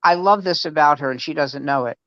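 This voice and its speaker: Older man telling animated family stories. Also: a little high, fairly quick, dry recording, muffled recording. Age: 70s. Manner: animated storyteller acting out family dialogue. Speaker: veteran comedian and host. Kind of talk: casual storytelling chat. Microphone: video call.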